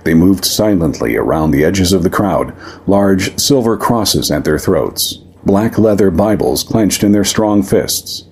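Deep-voiced husky man narrating a story. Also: animated, a little slow, darkish tone. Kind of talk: audiobook fiction reading.

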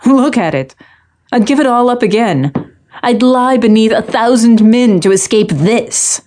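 A woman's voice: animated, a little slow, a little mellow. A woman voicing a frightened young princess. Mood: bitter. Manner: warbling high and scared. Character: scared young usurping princess, haughty and threatening. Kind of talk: audiobook role reading.

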